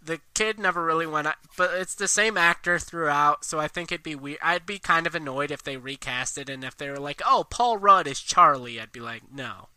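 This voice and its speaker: A man co-hosting a podcast in casual chat, quick and animated, full of "like" fillers. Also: on the high side, smooth, no room sound. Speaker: podcast co-host.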